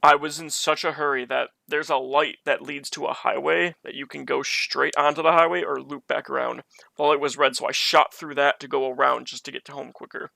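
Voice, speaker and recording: A man's voice: fairly high pitch, little pitch movement, fairly quick, vocal fry, bright, forceful tone, no echo. A man streaming from his bedroom, telling a personal story in a rambling, conversational way with many restarts. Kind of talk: casual storytelling on a live stream.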